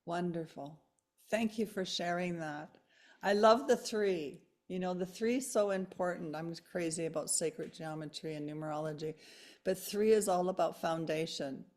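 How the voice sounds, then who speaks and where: A woman's voice: on the low side, normal speed, darkish tone. A middle-aged woman hosting an online workshop, talking enthusiastically and laughing often as she tells stories. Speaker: host.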